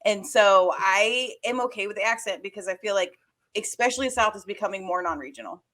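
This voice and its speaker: Chatty, bright-voiced woman from Georgia. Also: mid-range voice, fairly quick. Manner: chatty, animated, swears. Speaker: podcast co-host. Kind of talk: casual movie review chat.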